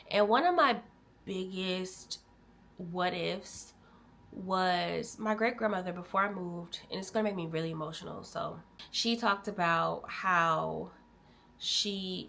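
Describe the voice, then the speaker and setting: A woman's voice: fairly low pitch, creaky. Candid young woman sharing a personal story. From Illinois. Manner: candid and emotional, addresses viewers as y'all; animated, swings between loud bursts and quiet drops. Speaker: vlogger. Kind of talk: casual storytelling to viewers.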